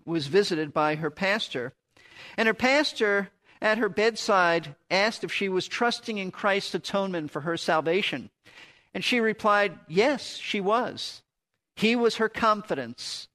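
A man's voice: high voice, fairly bright tone. A man preaching a radio Bible teaching, earnest and emphatic, often repeating key words for stress.

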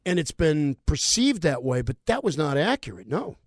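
A man's voice: fairly high pitch, big pitch swings, moderate pace, no room sound, clean studio sound. A man in his seventies, a radio guest who asks blunt, teasing questions. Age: 70s. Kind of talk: casual radio talk.

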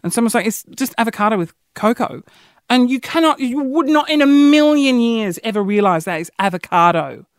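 A woman's voice: a little high, animated, fairly quick, dry recording. Bubbly rambling woman podcaster, dry sound. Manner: rambling, giggly, bubbly tangents. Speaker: podcast host. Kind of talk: casual solo podcast chat.

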